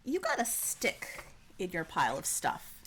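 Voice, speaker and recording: A woman's voice: fairly low pitch, wildly swooping pitch, unhurried, a bit bright, slight background noise. A woman narrating as game master in a casual, rambling way. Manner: casual, rambling with restarts and fillers.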